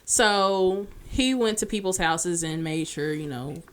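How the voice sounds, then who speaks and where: A woman's voice: lowish voice, slow, clean tone. A young woman guest on a podcast, casually telling a long personal story and acting out the dialogue. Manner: animated storyteller, acts out quoted dialogue.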